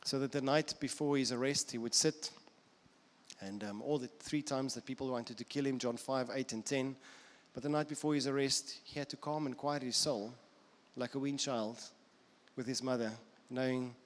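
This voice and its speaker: South African pastor preaching in reverberant hall. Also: male voice, mid-range voice, steady tone, moderate pace. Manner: earnest, repeats phrases for emphasis. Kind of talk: sermon. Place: church auditorium. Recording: long church hall reverb.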